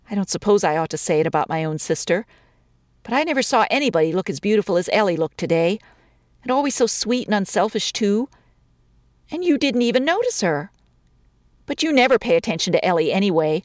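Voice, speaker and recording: A woman's voice: mid-range voice, sing-song, a little fast, no echo, studio quality, close to an everyday voice. A woman reading a story, voicing a touchy young newlywed bride who rambles through wounded, sarcastic complaints. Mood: aggrieved.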